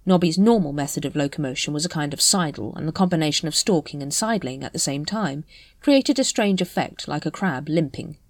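A woman's voice: deep voice, fairly quick, no echo, studio quality. A woman reading a story aloud as narrator, telling it expressively. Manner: expressive storytelling with voiced characters. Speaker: audiobook narrator. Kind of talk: scripted narration.

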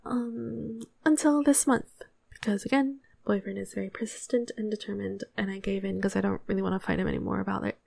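A woman's voice: medium pitch, steady tone, fairly quick, gravelly, hardly any pauses, a little mellow, no echo. A young woman telling a casual story in a put-on Australian accent, chatty and rambling, giggling between remarks.

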